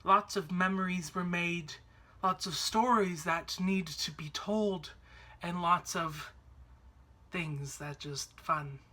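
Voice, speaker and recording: Bright-voiced man telling stories. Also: high-pitched, takes it slowly. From Canada. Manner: chatty, rambling, with many fillers and restarts. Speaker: vlogger. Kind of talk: casual storytelling to camera.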